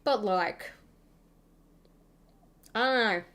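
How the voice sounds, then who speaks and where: A young woman chats casually while playing a video game. She rambles and circles back often, piling up filler words. Her voice sits at a middling pitch for a woman. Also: drawn-out words, a bit bright. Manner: rambling, filler-heavy, chatty. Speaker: gaming channel host. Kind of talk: casual chat over gameplay.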